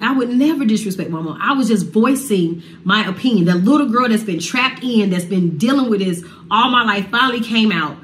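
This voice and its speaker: A woman's voice: medium pitch, expressive, a little fast, few pauses, a bit bright. A woman talking with passion about a family falling-out, heartfelt and casual. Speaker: singer telling her side of a family feud. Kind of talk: emotional sit-down talk.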